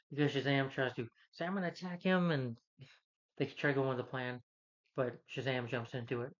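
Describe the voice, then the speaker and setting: A man's voice: mid-range voice, fast talker. Rambling man reviewing a movie. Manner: rambling, loose, with many fillers and restarts. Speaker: film reviewer. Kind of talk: casual spoken movie review. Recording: dull lo-fi recording.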